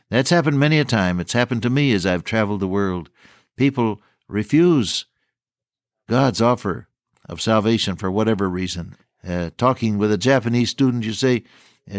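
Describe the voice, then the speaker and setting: A man with a fairly low voice preaches a sermon earnestly and emphatically, slowing to stress key words and quoting scripture in old-fashioned phrasing. The recording is clean studio sound with no room sound.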